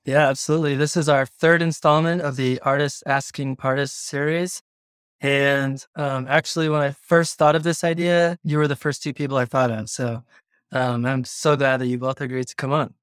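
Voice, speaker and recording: A man hosting a podcast interview, his voice raspy after an illness, upbeat with some fillers. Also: mid-range voice, steady tone, normal speed, dry recording, clean studio sound. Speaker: podcast host.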